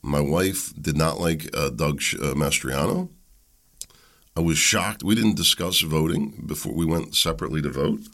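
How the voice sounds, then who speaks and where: Gravelly low-voiced man talk host. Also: moderate pace. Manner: animated, blunt, with frequent restarts and mock voices. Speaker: political talk show host. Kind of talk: opinionated monologue.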